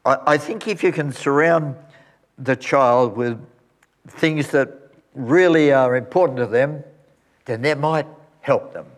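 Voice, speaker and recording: A man's voice: medium pitch, measured pace, pauses often, natural voice. A man voicing a psychologist giving earnest advice, close to his own voice.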